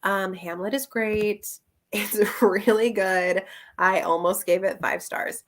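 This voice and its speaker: A woman's voice: mid-range voice, fairly even intonation, takes it slowly. A young woman chatting casually through a book review, rambling with plenty of fillers and little laughs.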